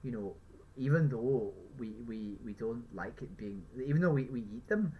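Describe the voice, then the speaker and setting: A woman's voice: a bass voice, animated, moderate pace, narrow, tinny audio, slight background noise. A woman from England speaking in a put-on Northern Irish accent, a vegan activist pressing passersby in a persistent, questioning street debate outdoors.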